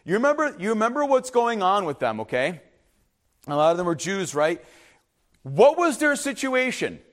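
A male pastor preaching a sermon, emphatic and swinging from loud exhortation to hushed asides. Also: sits high, big pitch swings, normal speed. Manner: emphatic preaching, rising and dropping sharply; acts out skeptics in hushed asides.

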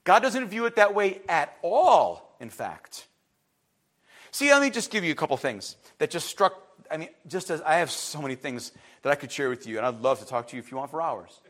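A man, preaching an impassioned sermon that builds to shouting. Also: fairly high pitch, sing-song, normal speed. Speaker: pastor.

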